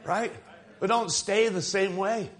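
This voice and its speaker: A man's voice: high-pitched, steady tone, slow pace. A male pastor giving an emphatic evening sermon, repeating phrases and asking his congregation "right?".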